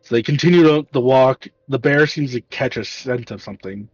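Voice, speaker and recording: A man narrating a tabletop game as game master, in a casual, halting way with restarts. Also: mid-range voice, a little mellow, husky, no room sound, dull audio.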